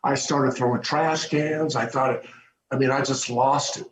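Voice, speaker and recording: A man, a former prison corrections officer, telling his story in an interview with animated, hesitant restarts over a video call. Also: mid-range voice, moderate pace, crowd noise. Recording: roomy, dull lo-fi with faint hum.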